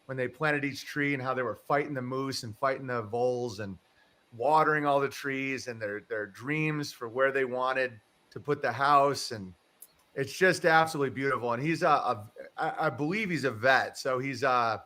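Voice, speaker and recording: A livestream host with a medium-pitched, pushed, bright voice chats casually at a normal speed. He rambles through a story, chuckling and swearing casually.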